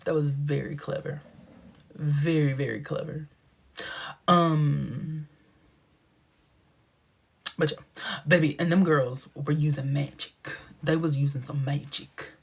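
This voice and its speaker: A man's voice: fairly high pitch, steady tone, takes it slowly, vocal fry, long pauses, slightly rough. A man hosting a casual livestream, gossiping in a sassy way and often dropping into a whisper. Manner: sassy, gossipy retelling with sudden dips into whispers. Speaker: livestream host.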